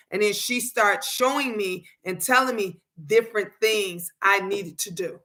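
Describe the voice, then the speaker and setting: A middle-aged woman hosting a tarot live stream, chatting casually and answering viewers' comments in a lively way. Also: mid-range voice, measured pace.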